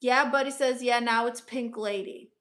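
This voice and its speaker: A woman's voice: on the high side, steady tone, moderate pace, a bit bright. A woman comedian hosting a casual live stream as a brash aunt, reading viewer comments and giving blunt, teasing advice. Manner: blunt, teasing, playfully sassy.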